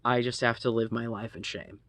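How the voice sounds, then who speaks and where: A man's voice: mid-range voice, level tone, a little fast, fairly bright tone, no echo. A man telling a personal story casually, rambling with lots of fillers and frequent swearing. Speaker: storytelling vlogger.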